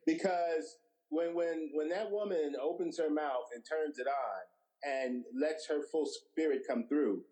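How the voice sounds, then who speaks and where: A man's voice: fairly high pitch, takes it slowly, rough recording. A middle-aged man, a guest director, telling stories in an interview and acting out quoted dialogue. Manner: animated storyteller who acts out quoted dialogue. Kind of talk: anecdotal storytelling interview.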